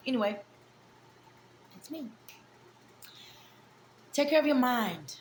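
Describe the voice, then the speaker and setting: A woman's voice: fairly high pitch, animated, takes it slowly, pauses often, roomy sound, slight background noise. A woman in her forties talking candidly and affectionately to her viewers in a rambling, heartfelt vlog. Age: 40s. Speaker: vlogger. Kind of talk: casual heartfelt vlog monologue.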